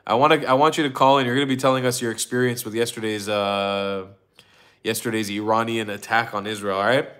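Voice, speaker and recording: His voice is lowish, steady, brisk, clean, and fairly bright as this tired man hosts a casual livestream. He yawns, rambles with restarts and frequent ums, and greets viewers from the chat by name.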